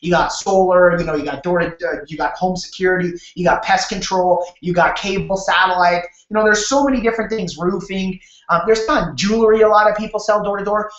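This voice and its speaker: A man from Canada hosting a sales webinar over a video call, telling his story in an energetic, repetitive way and talking straight to his audience. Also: sits high, a little fast, hardly any pauses. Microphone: webcam or computer mic on a video call. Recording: roomy, dull lo-fi webcam audio.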